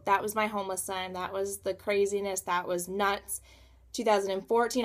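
A woman's voice: mid-range voice, steady tone, normal speed. A woman in her thirties talking through a personal motivational vlog, emphatic and repeating words for stress. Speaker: coach and realtor.

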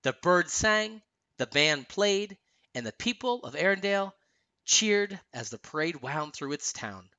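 A man narrating a children's storybook aloud in an expressive, sing-song way. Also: high-pitched, unhurried, no room sound. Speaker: storyteller dad.

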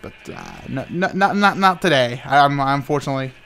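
Young male gaming host, clear smooth voice, stammers and restarts often, sounds tired, tosses in silly sound effects. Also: mid-range voice, fairly quick, fairly bright tone, faint music behind. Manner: rambling, frequent stammered restarts. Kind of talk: casual talk while playing Minecraft.

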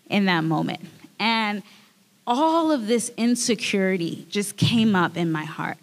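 A woman giving an earnest, emotional personal testimony at a church service, often restarting her sentences. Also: mid-range voice. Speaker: speaker sharing a communion message. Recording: long hall reverb.

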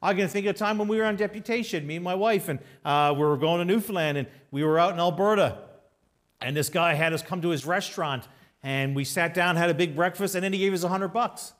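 High-voiced preacher swinging loud and soft. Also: male voice, fast. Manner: emphatic, swings between raised exhortation and quiet storytelling. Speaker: pastor. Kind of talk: sermon. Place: church sanctuary.

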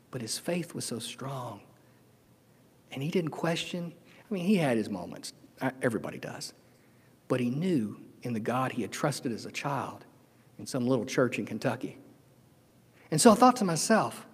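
A middle-aged man preaching a sermon as pastor, earnest and emotional, swinging from loud declarations to hushed, tender moments. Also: mid-range voice, big pitch swings, normal speed, pauses often, slightly rough. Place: church sanctuary. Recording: long hall reverb.

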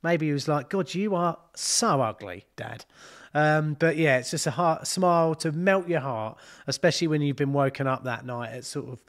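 Chatty man with a high voice. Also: brisk, hardly any pauses. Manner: rambling and chatty with frequent swearing. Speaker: plumber and channel host. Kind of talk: casual live-stream chat.

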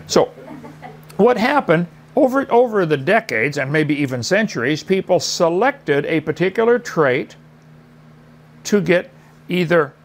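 A middle-aged man mockingly lectures his debate opponent, returning again and again to the same points. He's very animated yet measured in pace, with a fairly high, gravelly voice. There's slight background noise.

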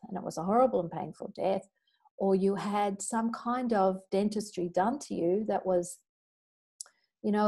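A middle-aged woman leading a healing class, telling stories in an earnest, chatty way and rattling off clearing statements. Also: mid-range voice, dark tone. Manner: earnest, chatty, storytelling, with quick recited formulas. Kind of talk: spoken teaching talk with clearing statements.

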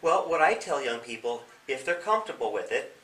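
A police officer gives young people advice during an interview, explaining things through questions and acting out examples. His medium-pitched voice is sing-song, brisk, and a bit bright, recorded in an echoey room with the mic at a distance.

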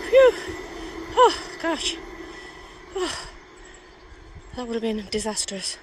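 An Englishwoman vlogging outdoors beside a railway line, talking into a tablet, gushing and emotional, close to tears with excitement. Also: on the high side, takes it slowly. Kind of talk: excited outdoor vlog chat. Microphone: handheld tablet camera. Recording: outdoor recording with clear background noise.

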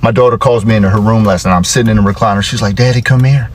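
A man telling comic stories about his kids in an animated, exclaiming way. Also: fairly low pitch, rapid-fire. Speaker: comedic storyteller. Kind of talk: comedic storytelling.

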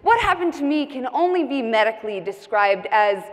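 A young woman giving a comedic, candid personal speech from a conference stage, animated and jokey. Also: high-pitched, normal speed. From United States. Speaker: keynote speaker. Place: large conference hall stage. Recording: long hall reverb.

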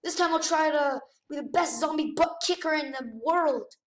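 Excitable high-voiced woman gaming. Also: normal speed, reverberant, distant mic. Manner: excitable, gasping, exclaiming. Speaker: gamer. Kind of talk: gameplay commentary.

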